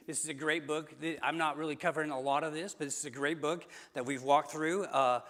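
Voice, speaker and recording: The pastor's fairly high, slightly bright voice carries a story told in a conversational sermon, complete with fillers and restarts. The sanctuary adds a long church hall reverb to the recording.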